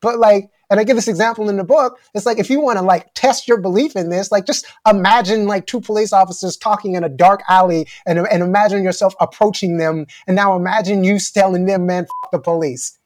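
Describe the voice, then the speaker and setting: A man in his forties, a guest author in a casual interview, talking with many fillers and restarts and growing animated as he makes his points. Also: sits high, brisk, few pauses, no echo, clean studio sound. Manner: fluent but filler-heavy, frequent "like" and restarts; grows animated and intense when making a point.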